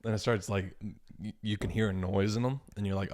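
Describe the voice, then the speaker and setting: Young man, low voice, Southern country accent, easygoing, podcast guest. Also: steady tone, brisk, darkish tone. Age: young adult. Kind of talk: casual chat.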